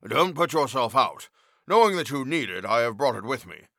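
A man voicing a short-sighted older police official with gray whiskers, speaking slowly and matter-of-factly in a storybook reading. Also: mid-range voice, very animated, pushed and bright, no room sound, studio quality, exaggerated voice. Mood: calm.

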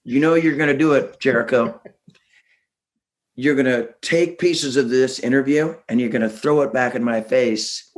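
Musician guy rambling through stories, chuckles a lot, mid pitch. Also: moderate pace. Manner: rambling, chuckling, many restarts. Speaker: guest musician. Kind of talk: casual interview storytelling.

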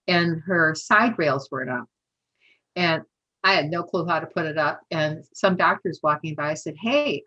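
A woman in her sixties tells stories casually in a deep, slightly bright voice, peppering her talk with "you know" and frequent laughter. She acts out what people said. The audio sounds dull.

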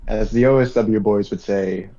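A man co-hosting a casual wrestling podcast, recapping matches in a measured way from his notes. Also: on the low side, fairly even intonation, dark tone, muffled recording. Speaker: podcast co-host.

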